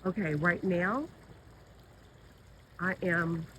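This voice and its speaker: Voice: mid-range voice, very slow, bright, forceful tone, rough recording. Breathless vlogger filming in a garden. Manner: chatty, talks aloud to an animal, startled. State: a little out of breath. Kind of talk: casual handheld vlog commentary. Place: outdoor home garden. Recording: outdoor audio with clear traffic noise.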